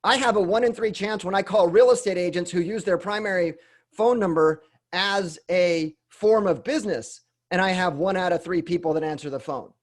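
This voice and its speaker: Male sales coach with a high voice, chatty teaching style, keeps checking in with the listener and rephrasing mid-thought. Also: normal speed. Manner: conversational, keeps adding "right?" tag questions; restarts and rephrases mid-sentence. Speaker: real estate sales coach. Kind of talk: teaching webinar talk.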